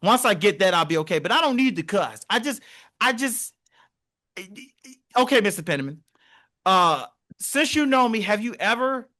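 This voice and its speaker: A man's voice: high voice, normal speed. A young man co-hosting a podcast, telling stories in casual conversation and acting out the voices he quotes. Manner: animated storytelling, acts out quoted voices. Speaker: podcast co-host.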